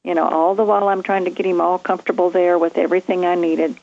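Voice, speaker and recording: A woman's voice: on the low side, fast. Woman telling a story over a muffled line. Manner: animated, vivid storytelling with acted quotes. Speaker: guest, nurse. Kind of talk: storytelling in a conversation.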